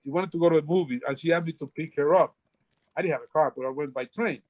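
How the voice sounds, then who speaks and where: A man's voice: on the high side, quick pace, a little mellow, rough recording. An older man from the Republic, telling stories as an interview guest and often restarting his sentences. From Dominican Republic. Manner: rambling, frequent restarts and repeated words. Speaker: guest storyteller. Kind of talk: casual storytelling interview.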